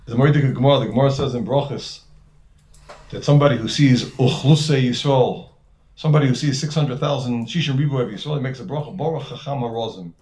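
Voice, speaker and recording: A man's voice: mid-range voice, fast, a little mellow. A man with giving a conversational Torah lecture as a rabbi, full of Hebrew and terms and repeated words. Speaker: rabbi teaching a class.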